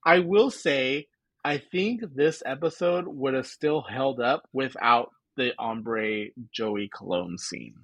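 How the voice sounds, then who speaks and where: A man's voice: mid-range voice, slow pace, a bit bright, dry recording. A man co-hosting a podcast, casually recapping episode scenes and laughing as he quotes the characters. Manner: retells scenes with quoted lines, laughs often. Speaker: podcast co-host.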